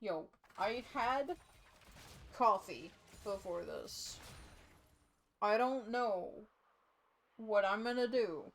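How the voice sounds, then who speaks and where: A young woman casting a live esports match in a relaxed play-by-play, tired and yawning. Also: mid-range voice, very slow, pauses often. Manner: sleepy, yawning, casual play-by-play. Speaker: esports caster.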